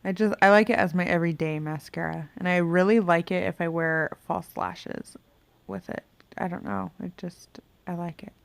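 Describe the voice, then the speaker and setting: A beauty vlogger in her bedroom keeps up a casual chat during a makeup tutorial, murmuring to herself and humming now and again. She speaks at a moderate pace with a fairly low, creaky voice and fairly even intonation, captured in a dry recording.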